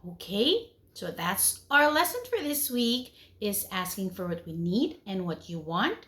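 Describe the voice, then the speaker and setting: A woman teaching a lesson to young children online, with an animated, sing-song delivery that swings in pitch and loudness and asks the children many questions. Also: unhurried. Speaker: preschool teacher.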